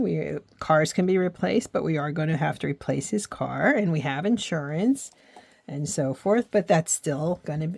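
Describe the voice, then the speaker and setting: A woman's voice: lowish voice, creaky, no room sound. A middle-aged woman from the United States chatting earnestly while she crafts, reflective and close to tears at times. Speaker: craft and faith vlogger. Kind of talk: casual heartfelt chat while crafting.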